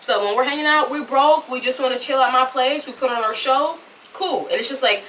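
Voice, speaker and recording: Casting: rambling young woman vlogger, put-on Southern drawl, bright voice, distant camera mic with faint room noise. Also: high voice, brisk. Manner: chatty, rambling yapper. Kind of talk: casual chat to camera.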